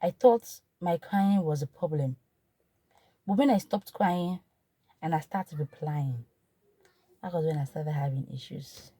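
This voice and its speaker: Husky low-voiced Nigerian woman. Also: a little slow, long pauses, no echo. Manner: emotional, repetitive, shifts from animated to hushed. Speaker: vlogger. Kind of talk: personal testimony.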